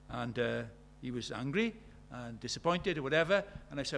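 A man's voice: mid-range voice, fast talker, gravelly, hardly any pauses, a bit bright, slight background noise. A middle-aged man from Britain preaching a sermon, telling stories with acted-out dialogue and firing rhetorical questions.

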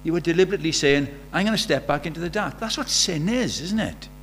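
Man, preacher, conversational sermon, rhetorical questions, slightly high voice, faint mains hum. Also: expressive, fast talker, a bit bright.

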